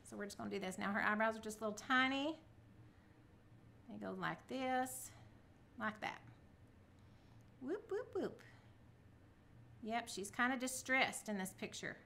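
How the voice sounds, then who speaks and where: Bright chatty woman crafting. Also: fairly high pitch, normal speed, gravelly, slight background noise. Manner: chatty, self-encouraging, talks to viewers. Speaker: craft vlogger. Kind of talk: casual craft tutorial.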